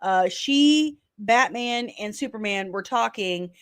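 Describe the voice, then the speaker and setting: A woman hosts a loose livestream chat, reading fan comments and firing back quick opinions. She sounds candid and teasing, with a mid-range voice that sits right in the middle for a woman. Her delivery is casual, with plenty of asides. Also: medium pitch, lively intonation, clear, resonant tone. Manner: candid, opinionated and playfully sarcastic. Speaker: host of a daily pop-culture chat show.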